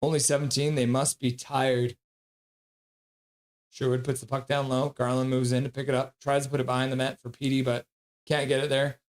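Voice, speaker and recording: A man streaming live play-by-play of a hockey game, calling the action quickly and reading viewer comments between plays. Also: medium pitch. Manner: rapid play-by-play, bursts into loud excited voices when reading chat.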